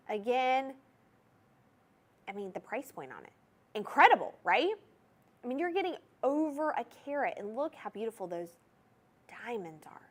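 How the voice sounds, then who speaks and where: A woman with a Southern US accent hosting a TV shopping show, gushing in chatty sales patter to viewers from a studio on a lapel mic. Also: fairly high pitch. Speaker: shopping channel host. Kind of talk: live TV shopping presentation.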